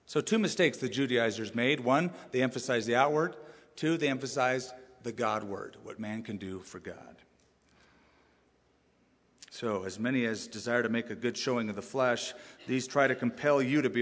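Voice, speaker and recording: A man preaching a sermon as pastor, animated, with rising emphasis and sudden drops to a quiet voice. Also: mid-range voice, in a large hall.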